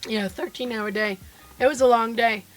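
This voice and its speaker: A woman with a hoarse, froggy voice from being sick, chatting casually and cheerfully with viewers from her home basement studio. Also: a little high, fairly even intonation, normal speed, soft background music. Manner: chatty and upbeat, greeting viewers by name. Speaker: quilt designer and live streamer. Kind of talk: casual live-stream chat.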